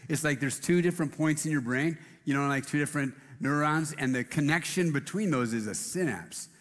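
A man's voice: on the high side, brisk, a bit bright, long reverb tail. A man preaching a casual sermon in a church, rambling and self-deprecating, with many restarts. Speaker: pastor. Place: church auditorium.

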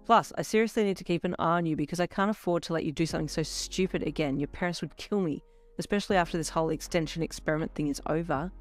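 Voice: medium pitch, fast talker, faint music behind, close to an everyday voice. A reader voicing a caring young woman friend who talks in a playful, reassuring way.

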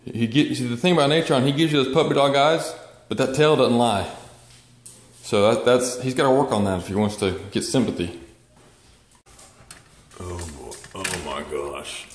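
A man chatting casually to his dog while feeding it, jumping into high baby-talk. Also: moderate pace, pauses often, reverberant. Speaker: dog owner vlogger.

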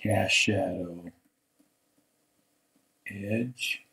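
Slow, low-voiced man critiquing a drawing. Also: fairly even intonation, low-quality recording. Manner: thoughtful, halting, trails off into soft mutters. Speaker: art instructor.

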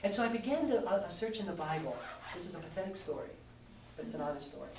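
At a youth conference, a middle-aged pastor preaches in a big hall, sharing an honest story that pokes fun at himself and breaking off now and then to talk to the crowd. He has a high voice and talks fast; the far-off mic catches lots of room echo and steady underlying noise.

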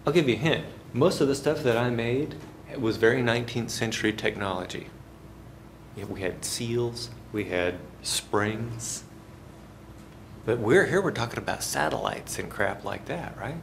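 Lively middle-aged male finance lecturer. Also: medium pitch, unhurried, creaky, a little hiss or hum. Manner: lively, folksy storytelling with sound effects. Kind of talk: classroom lecture.

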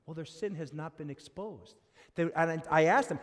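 A man's voice: a little high, normal speed. An American man preaching an expository sermon as pastor, acting out quoted voices and often asking the congregation "right?". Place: church sanctuary.

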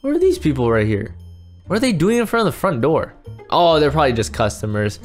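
A man hosting a casual game roleplay as a dad, excitable and rambling, full of exclamations. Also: a little high, fairly quick, faint music behind. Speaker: roleplay host playing a dad.

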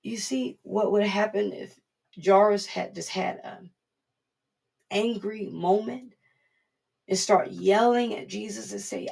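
A woman preaching in a casual, earnest way, her voice gravelly with a husky edge. She talks to the congregation directly and slips into little acted voices for the people she quotes. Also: medium pitch, fairly even intonation, slow pace, long pauses, a little mellow. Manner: informal and earnest, acting out quoted voices, frequent restarts. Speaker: prophetess preaching. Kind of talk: conversational sermon.

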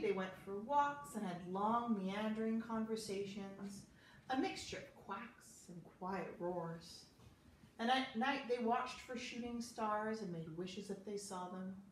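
A woman librarian reading a picture book aloud at bedtime, with an expressive, lively delivery. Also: medium pitch, slight background noise. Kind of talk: bedtime storybook read-aloud. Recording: echoey room, voice a bit far from mic.

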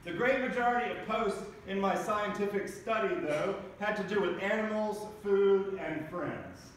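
A man preaching a sermon as pastor, telling funny everyday stories in a lively way. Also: high-pitched, a little slow, slight background noise. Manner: humorous storytelling preacher. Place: large church sanctuary. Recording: echoey church recorded from a distance.

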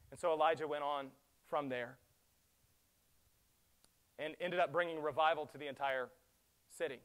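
A middle-aged pastor preaches a sermon that swings from loud, urgent pleading to hushed, quiet passages. His voice is a little high and his pace brisk.

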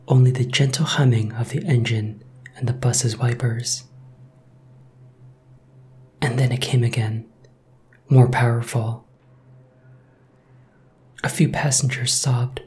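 A man narrating a first-person horror story in a measured, suspenseful way. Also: medium pitch, darkish tone.

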